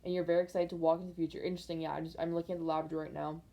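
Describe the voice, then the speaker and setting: A woman gives a casual tarot reading straight to her viewers. Her voice is mellow and sits slightly low. She rambles through intuitive impressions, leaning on filler words as she goes. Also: little pitch movement, racing, creaky. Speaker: tarot card reader. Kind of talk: casual pick-a-card tarot reading to camera.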